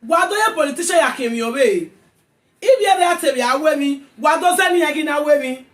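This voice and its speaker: Heated high-pitched Nigerian woman ranting. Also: animated, a little fast, roomy sound. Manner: heated, repeats herself, often shouting. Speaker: vlogger. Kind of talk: angry rant to camera.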